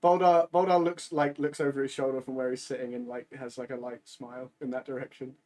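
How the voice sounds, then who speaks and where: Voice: medium pitch, flat delivery, brisk, mellow. A player in a tabletop game with friends, teasing and chuckling while describing characters. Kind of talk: casual game chat.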